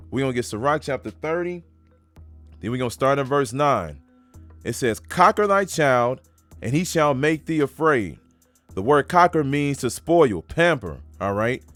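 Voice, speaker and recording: A man's voice: medium pitch, no echo. A man preaching casually while reading scripture aloud. He is emphatic, uses street-talk phrasing and keeps saying "man.".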